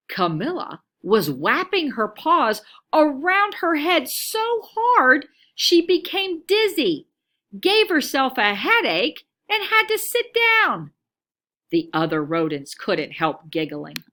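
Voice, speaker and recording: A woman's voice: medium pitch, slow. A woman teacher reading a children's picture book aloud, telling it expressively. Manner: expressive storytelling, lively.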